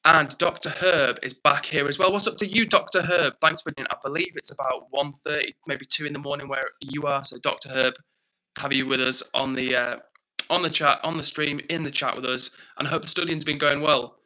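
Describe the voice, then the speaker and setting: A young British man hosting a livestream, chatting casually, reading out viewer comments and thanking people warmly. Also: on the high side, steady tone, fairly quick, low-quality recording. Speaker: livestream host.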